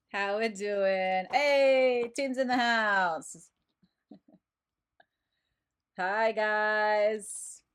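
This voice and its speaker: A woman in her thirties hosts a casual live stream as an oracle card reader, bubbly and chatty as she greets viewers by name from her home desk. Her medium-pitched, clean-toned voice is extremely slow, with frequent pauses.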